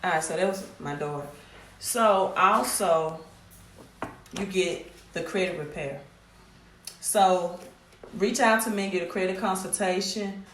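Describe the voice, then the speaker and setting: A woman's voice: fairly low pitch, measured pace, long pauses, slight background noise. A middle-aged woman with a Mississippi accent, hosting a casual live stream about her credit repair business in a direct, scolding way that repeats points. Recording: echoey room.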